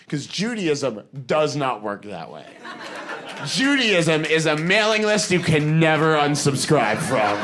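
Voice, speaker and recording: A man performing a stand-up comedy set, telling animated stories and acting out the voices of people he quotes. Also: a little high, background noise. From Boston.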